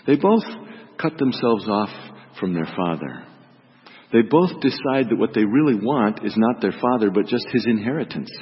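A male priest gives a dramatic gospel reading that flows into a homily, voicing each character in turn. His delivery rises and falls through a lively pitch range. The sound is slightly dull and carries the long reverb of a large church. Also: normal speed.

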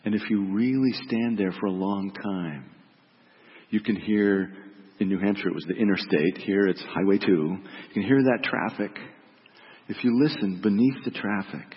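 A middle-aged male pastor delivers a quiet, reflective sermon, often letting his voice fall soft on key words. His voice sits on the low side. The recording is dull and lo-fi, with a long reverb tail from a church sanctuary. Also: moderate pace.

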